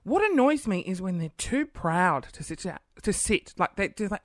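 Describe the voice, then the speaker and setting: A woman of thirty rants through a casual podcast monologue, exasperated and swearing freely as she acts out little scenes. Her pitch swoops up and down with lively animation. The recording is dry and close, made at home beside her computer. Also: normal speed, hardly any pauses, no echo. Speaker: podcast host.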